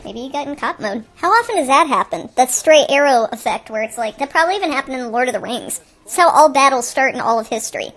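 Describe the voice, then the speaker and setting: A woman's voice: high voice, expressive, fast, hardly any pauses, fairly bright tone. A woman hosting a show, talking through a movie in a chatty, joking way full of rambling asides. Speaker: show host. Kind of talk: improvised movie commentary. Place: at home watching TV.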